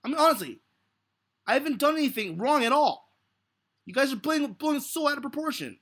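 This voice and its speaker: Irate stream host, sharp tense voice, cursing at chat, swings up and down. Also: male voice, very high voice, expressive, brisk. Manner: angry, defensive, swearing heavily. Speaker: livestreaming stock market analyst. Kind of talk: live stream rant at viewers.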